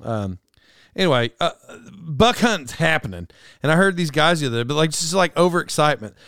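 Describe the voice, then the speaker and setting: A man hosting a comedy podcast alone, rambling through an animated monologue, often stopping and restarting mid-sentence. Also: fairly high pitch, brisk, clear, resonant tone, no echo, studio quality. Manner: rambling, self-interrupting, animated. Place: alone in a room.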